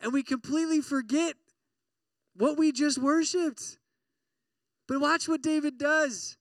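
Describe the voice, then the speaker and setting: A man preaching a conversational sermon to a campus ministry group, animated and often checking in with his listeners. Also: very high-pitched, a little slow, no echo, distant mic. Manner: acts out everyday inner voices with sudden loud outbursts.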